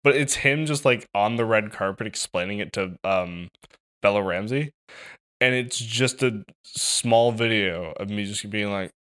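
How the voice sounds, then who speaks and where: A man's voice: fairly low pitch, unhurried, fairly bright tone. A man co-hosting a podcast in casual chat, joking loosely and swearing often. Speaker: podcast co-host.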